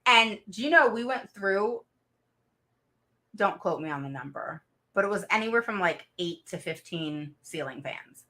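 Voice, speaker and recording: A woman's voice: medium pitch, lively intonation, a little slow, pushed and bright. A middle-aged woman chatting casually with viewers on a livestream, telling family stories and laughing often. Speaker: autism parent advocate livestream host.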